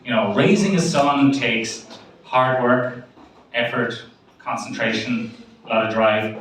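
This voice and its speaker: An Irish man in his thirties doing an open mic stand-up set, sweary and self-mocking, with quick asides to the crowd. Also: medium pitch, steady tone. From Ireland. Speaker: stand-up comedian. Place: comedy club stage. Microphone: handheld mic, recorded by a far camera. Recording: echoey club from far off, audience noise.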